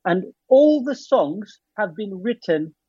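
Man, podcast co-host, earnest explainer, breathy husky tone, dull dry recording. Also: high voice, sing-song, takes it slowly, no echo. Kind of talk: casual podcast banter.

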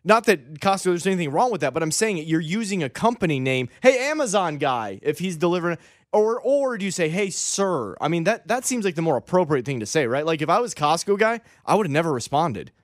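A man's voice: fairly high pitch, fast talker, no room sound, clean studio sound. A man hosting a radio show, telling stories in casual banter and mimicking people calling out. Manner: animated storytelling, mimics shouted calls.

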